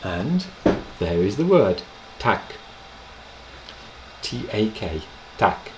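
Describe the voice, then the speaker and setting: A man teaching a language lesson to camera, explaining in an unhurried way with gentle pauses, recorded on a webcam microphone. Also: on the low side, sing-song, noisy background.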